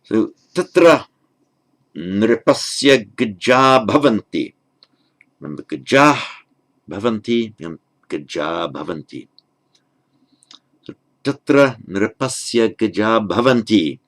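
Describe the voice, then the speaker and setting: A man's voice: fairly low pitch, very animated, slow pace, pauses often, a bit bright. A man giving a patient step-by-step language lesson, spelling out terms carefully with frequent ums and small restarts. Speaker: Sanskrit teacher.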